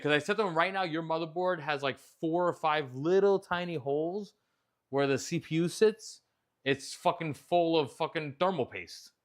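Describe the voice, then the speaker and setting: A man's voice: fairly high pitch, a bit bright. A man, hosting a casual chat show and telling a story with a lot of animation and frequent swearing. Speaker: host.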